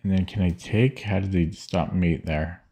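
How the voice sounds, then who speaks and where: A man's voice: low voice, fairly even intonation, moderate pace, mellow, husky. A man streaming chess, thinking aloud in a hesitant, muttering way as he works through puzzles and counts them off.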